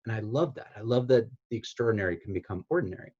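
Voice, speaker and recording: Playful author with dull-sounding audio. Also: male voice, lowish voice, expressive, darkish tone, husky. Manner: playful, self-deprecating, halting. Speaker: children's author. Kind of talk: reading own story and talking on an online event.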